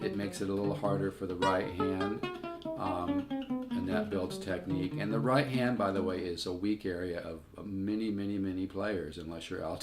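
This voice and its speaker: Deep-voiced older man teaching guitar. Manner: rambling, conversational, with frequent asides. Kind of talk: casual guitar lesson. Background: his own guitar playing.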